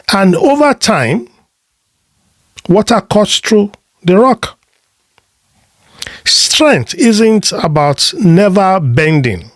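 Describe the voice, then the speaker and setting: A man coaching listeners on relationships, speaking slowly in short, emphatic phrases. His voice sits a little high and swings widely in pitch. Rhetorical questions and repeated words when he restarts a thought mark his delivery, and the sound is dry and close. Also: dry recording. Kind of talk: motivational advice talk.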